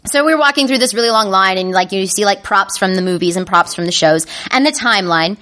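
A woman telling a comedic personal story to a live audience, animated and self-mocking. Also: mid-range voice, a little fast. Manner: animated, self-mocking, breaks into panicked inner voices.

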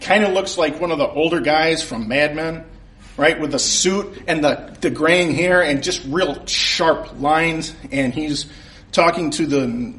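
A man's voice: on the high side, fairly bright tone. A man telling a comic, self-mocking story on stage at a convention, laughing at his own jokes. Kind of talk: live comedic storytelling. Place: convention stage before a live audience.

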